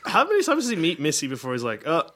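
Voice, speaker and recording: Lively, laughing man steering a chat. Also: on the high side, rapid-fire, slight background noise. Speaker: podcast co-host. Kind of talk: casual group chat.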